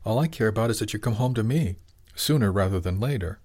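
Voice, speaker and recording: Man reading as a loving wife, gentle, reassuring, low-pitched voice. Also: animated, quick pace, breathy edge. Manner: warm, reassuring, softly teasing. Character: affectionate wife, middle-aged woman, gentle.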